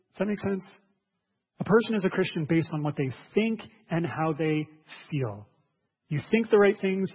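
A man with a slightly high, husky voice preaches a sermon as a pastor. He speaks earnestly, repeating words and asking listeners questions, in a dull recording with long hall reverb.

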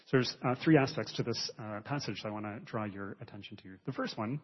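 A man preaching a sermon as pastor, measured and explanatory, with frequent hesitant fillers. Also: on the low side, slightly rough. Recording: muffled sound with long hall reverb.

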